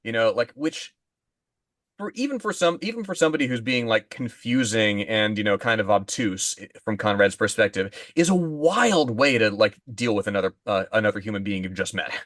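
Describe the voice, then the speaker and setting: A man's voice: on the low side, animated, a bit bright, no echo, clean studio sound. A man co-hosting a podcast, chatting about a book and often restarting phrases as he hunts for words. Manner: halting, restarts phrases while hunting for words. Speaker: podcast co-host. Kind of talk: casual book-discussion chat.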